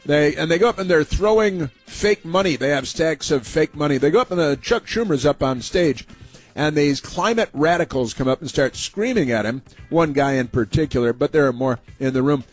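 A man's voice: fairly high pitch, moderate pace, faint music behind. Man hosting combative political commentary. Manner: combative, rambling, frequent fillers. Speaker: commentary show host.

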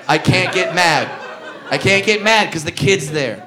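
A man's voice: sits high, measured pace, crowd noise. A man doing a stand-up comedy set, brash and profane with mock indignation, recorded live in a comedy club on a handheld mic.

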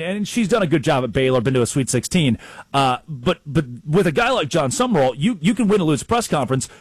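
A man co-hosting a sports talk show, telling stories excitedly and acting out the people he quotes. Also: a little high, brisk, dry recording. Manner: excitable storyteller, acts out quotes.

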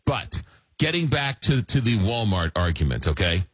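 A lower-pitched man with a husky edge hosts a late-night call-in radio show. He reads listener messages aloud and stumbles through plenty of fillers and restarts. The sound is close and dry. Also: big pitch swings, normal speed, fairly bright tone, dry recording. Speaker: radio talk show host.

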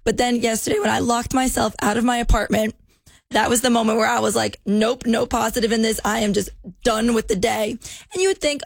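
A young woman whose voice has gone hoarse and nasal, with a gravelly fry running through it. She rambles through a self-deprecating story in casual morning radio chat. The sound is dry and close. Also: on the high side, fairly even intonation, brisk, no room sound. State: hoarse, lost voice. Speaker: radio show producer.

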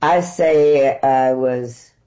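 A middle-aged woman from the United States, an actress being interviewed, telling lively stories and laughing often. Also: a bass voice, extremely slow, poor audio. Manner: animated storyteller, laughs often. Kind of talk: conversational interview storytelling.

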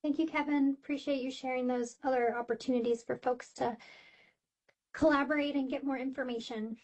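A woman moderating a public hearing by teleconference, speaking in a measured way with frequent fillers. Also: high voice, steady tone, a little mellow. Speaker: meeting facilitator. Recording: dull lo-fi call audio.

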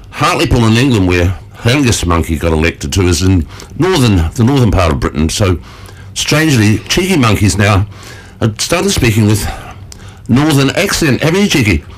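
A rambling male radio presenter chatting in a studio. His voice sits low but moves up and down a lot, and he laughs often as he talks. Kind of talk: casual morning radio chat.

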